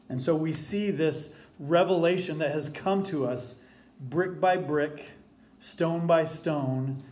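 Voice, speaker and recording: Emphatic, fairly high-voiced male preacher. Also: darkish tone. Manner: emphatic preaching with pauses and repeated phrases. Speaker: pastor. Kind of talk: sermon.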